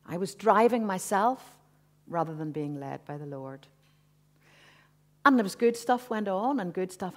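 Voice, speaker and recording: A woman in her fifties sharing a personal testimony with a church congregation, earnest and conversational, with frequent asides. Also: lowish voice. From Northern Ireland. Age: 50s. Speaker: church speaker. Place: church hall.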